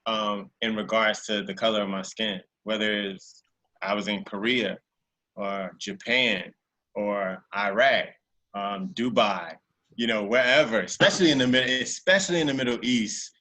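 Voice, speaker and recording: A man from Virginia as an interview guest, telling personal stories in a casual, animated way and acting out voices in them. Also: on the low side, normal speed. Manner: animated storyteller who acts out voices in his anecdotes.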